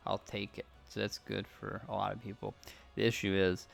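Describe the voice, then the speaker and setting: A man with a low, heavily gravelly voice talks his way through a game, thinking aloud and reading stats off the screen. Faint background music plays under his casual commentary. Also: little pitch movement, normal speed. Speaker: gaming channel host.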